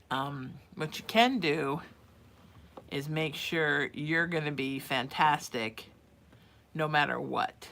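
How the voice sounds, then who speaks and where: A woman's voice: deep voice, pushed and bright. Chatty psychic woman on a live stream. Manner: chatty, calls viewers sweetie and sweetheart; reads viewer messages aloud then answers. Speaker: psychic giving live readings. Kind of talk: casual live-stream advice.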